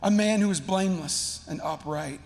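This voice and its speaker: High, gravelly-voiced pastor preaching casually. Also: male voice, moderate pace, darkish tone, in a large hall. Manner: casual, slangy, conversational. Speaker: teaching pastor. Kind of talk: sermon. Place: church sanctuary.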